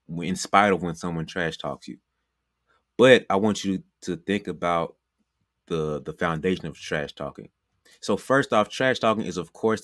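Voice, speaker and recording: Deep-voiced male basketball trainer. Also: fairly bright tone, no room sound, clean studio sound. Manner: conversational, repeats phrases, frequent "you know". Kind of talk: motivational coaching talk.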